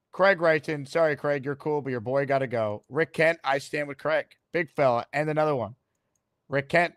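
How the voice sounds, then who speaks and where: A man with a mid-range, fairly bright voice hosts a sports fan podcast, recorded without echo. He's brash and theatrical as he takes calls and reads out comments in a mix of monologue and call-in.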